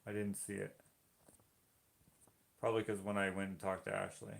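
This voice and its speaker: A man's voice: lowish voice, flat delivery, normal speed, creaky. A man hosting a live painting stream, reading viewer comments aloud and joking with them. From Canada. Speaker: livestream host painting. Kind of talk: casual livestream chat reading comments.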